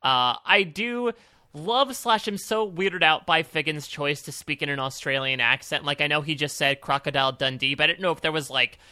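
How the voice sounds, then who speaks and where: Bright, crisp-voiced man chatting. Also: on the high side, moderate pace, dry recording, clean studio sound. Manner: excited, chatty commentary. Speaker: podcast co-host. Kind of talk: casual recap chat.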